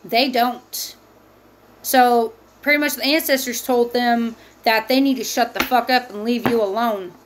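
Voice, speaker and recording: A woman's voice: a little high, steady tone, moderate pace, hardly any pauses, noisy background. Fiery profane woman reading tarot. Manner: heated, profane, emphatic. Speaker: tarot reader. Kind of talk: spiritual tarot reading monologue.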